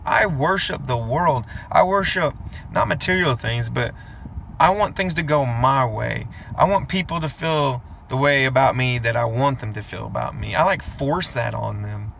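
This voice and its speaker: Gravelly, earnest man in his thirties. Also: medium pitch, moderate pace, fairly bright tone, a little hiss or hum. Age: 30s. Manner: earnest, rambling, emotional. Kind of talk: confessional vlog monologue.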